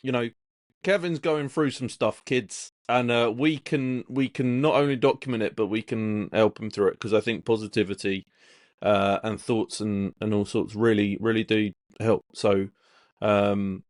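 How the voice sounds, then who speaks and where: A man's voice: fairly low pitch, fairly even intonation, moderate pace, no echo, studio quality. A man co-hosting a podcast, telling stories in a rambling, casual way. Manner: rambling, many fillers and restarts while storytelling. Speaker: podcast co-host.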